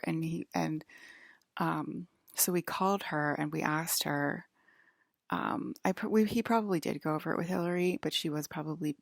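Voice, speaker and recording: Talking at a normal speed in a low, gravelly voice, a woman vlogger wanders through a casual bedroom monologue, saying "like" constantly. There's no echo, and the audio sounds clean, like a studio.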